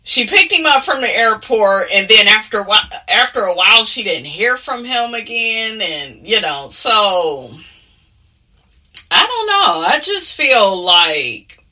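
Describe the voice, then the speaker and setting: A sassy woman recapping reality TV in a casual, outspoken way, her pitch swinging widely as she talks. Her voice is bright but a little husky, and she sits slightly back from the mic. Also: big pitch swings, takes it slowly, recorded from a distance. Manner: sassy and outspoken, with many asides of "honey" and "okay?". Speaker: reality TV commentator.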